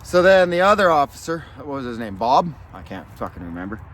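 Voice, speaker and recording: A man's voice: mid-range voice, very animated, fairly quick, fairly bright tone, slight background noise. A man telling a story in a casual, profane and rambling way, angry as he talks. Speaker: vlogger.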